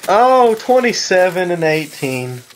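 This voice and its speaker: A man from the Southern US with a Southern accent, giving casual, rambling voice-over commentary on his own gameplay, excitable and jokey with sarcastic asides. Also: high voice, slow, slight background noise. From Southern United States. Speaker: gaming commentator.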